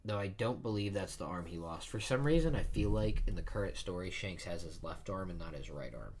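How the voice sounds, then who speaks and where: A man's voice: deep voice, expressive, fairly quick, a little mellow. A man hosting a casual reading and reaction, thinking aloud as he rambles through his thoughts. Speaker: manga reaction host.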